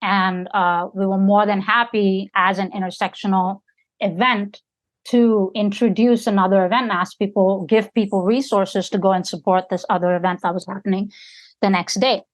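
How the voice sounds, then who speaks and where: A woman's voice: medium pitch, fairly even intonation, moderate pace. A woman guest on a podcast, telling a story in an emphatic way and often checking in with her listeners. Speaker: podcast guest and community organizer.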